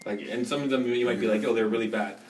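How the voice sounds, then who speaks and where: Animated young man telling a story off-mic. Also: medium pitch, fast talker, far from the mic, a little hiss or hum. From Canada. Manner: animated, laughing, acts out the people in his story. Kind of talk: casual storytelling. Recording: echoey room, heard from off-mic.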